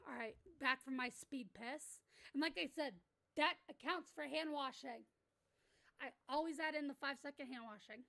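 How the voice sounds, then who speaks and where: A woman streaming as a VTuber, chatting casually with her viewers, excitable and swearing freely with loud outbursts. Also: high-pitched, normal speed, vocal fry. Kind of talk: casual live-stream chat.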